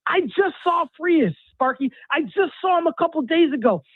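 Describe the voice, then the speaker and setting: A man's voice: very high voice, lively intonation, normal speed, no echo. A man calling in to a sports radio show, ranting in a fired-up, exasperated way. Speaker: caller. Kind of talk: heated sports radio call. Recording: tinny phone line.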